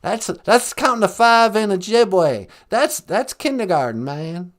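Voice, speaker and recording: A man's voice: high-pitched, expressive, unhurried. A man voicing a laid-back, folksy Texan former president with a put-on drawl and slangy talk. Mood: teasing. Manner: drawling, slangy, calls people man and boy.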